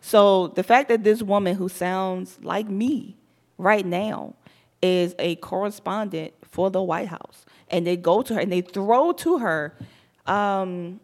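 A woman's voice: medium pitch, slow pace. Young Southern woman with a slight lisp. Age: young adult. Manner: animated, laughs often, slangy. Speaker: podcast host. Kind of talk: casual podcast chat.

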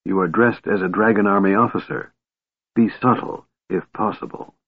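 A man's voice: on the low side, moderate pace, breathy edge, dry recording. A man voicing a cold, aloof young male mage who speaks in clipped commands. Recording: tinny phone-like band, dry.

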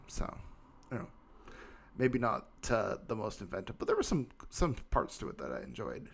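Animated man chatting about a film. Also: on the low side, normal speed. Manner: animated, hedging with lots of "like" and "I don't know". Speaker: podcast host. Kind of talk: casual movie discussion.

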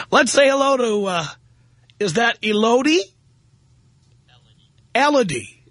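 A man's voice: very high-pitched, huge pitch swings, slow pace, pushed and bright, dry recording. A man from New York hosting a call-in radio show, needling and condescending toward callers. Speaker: radio talk show host. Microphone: studio broadcast mic.

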